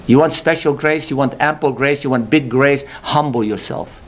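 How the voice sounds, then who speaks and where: A male pastor delivering a sermon, questioning his congregation and rising to slow, emphatic peaks. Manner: impassioned, swells to high emphatic peaks, slow drawn-out stresses; calls out rhetorical questions to the congregation.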